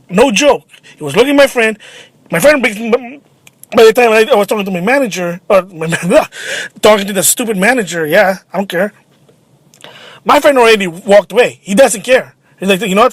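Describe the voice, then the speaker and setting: A man with a high voice rants to the camera about a bad shopping trip. He talks in an agitated, animated way, restarting sentences as he goes. The sound is dry and close. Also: no room sound. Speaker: vlogger. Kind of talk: casual ranting monologue.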